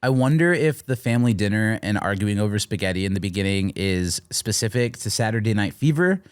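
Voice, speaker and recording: Podcast guy talking it over, kinda low voice, dry studio sound. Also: expressive, brisk, clean tone, dry recording. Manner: thoughtful, analytical. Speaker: podcast co-host. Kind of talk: casual chat.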